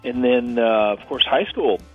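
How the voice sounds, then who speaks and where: A man's voice: mid-range voice, unhurried, phone-quality sound. Friendly guy chatting on radio, laughs a lot, music bed faint. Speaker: regular guest. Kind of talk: casual radio chat.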